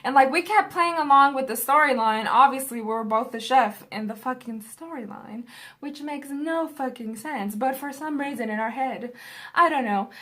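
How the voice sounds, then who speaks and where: A woman's voice: high-pitched, moderate pace, a bit bright. A young adult woman vlogger telling a story in a casual, rambling, profane way.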